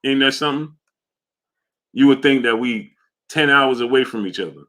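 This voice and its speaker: A man hosting a casual boxing livestream from New York, reading super chats and shouting out viewers by name in loud bursts. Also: mid-range voice, moderate pace.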